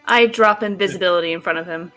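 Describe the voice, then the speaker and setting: A woman's voice: lowish voice, fast, sharp tone, faint music behind. A woman playing a tabletop game, declaring her actions playfully. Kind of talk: casual chat.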